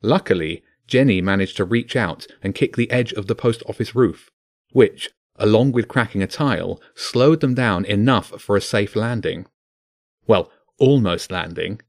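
A man's voice: fairly low pitch, normal speed, no echo, clean studio sound. A man narrating a children's fantasy book, voicing each character. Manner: expressive, voices each character.

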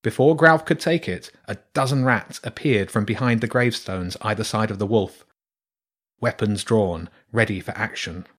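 A man reading a children's storybook aloud in a steady, measured way. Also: fairly low pitch. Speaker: narrator.

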